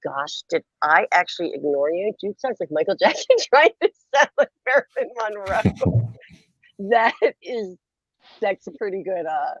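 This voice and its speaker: Husky, giggly woman streamer. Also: mid-range voice, very animated, moderate pace, no echo, highs cut off. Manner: giggly, playful and rambling. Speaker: livestream host. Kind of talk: casual late-night stream chat.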